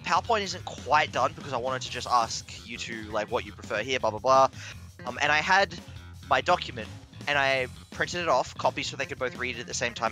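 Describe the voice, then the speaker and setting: A man telling a long personal story in casual chat, animated, swearing and laughing as he goes. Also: mid-range voice. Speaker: stream commentator.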